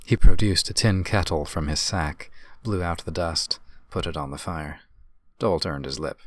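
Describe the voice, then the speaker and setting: A man narrating a fantasy audiobook in a measured, descriptive reading. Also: very deep voice, steady tone, a bit bright.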